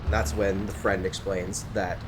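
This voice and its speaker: A man's voice: sits low, flat delivery, moderate pace, noisy background. A young man in casual chat, animatedly retelling a story with asides and swearing while gaming. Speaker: co-host.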